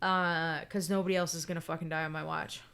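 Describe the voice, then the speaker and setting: A woman's voice: deep voice, level tone, a little fast, creaky, fairly bright tone, smooth. A woman in casual podcast chat, telling a personal story bluntly, swearing often and checking in with "right?". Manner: emphatic and candid.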